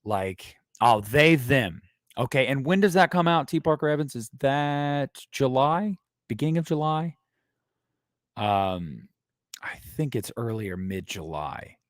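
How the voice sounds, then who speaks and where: A man hosting a movie news livestream who rambles, jokes crudely and talks animatedly to his viewers. His voice sits at an ordinary middle pitch. The sound is dry and close, with no room echo. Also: expressive, measured pace. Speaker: host of a movie news stream. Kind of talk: casual livestream chat.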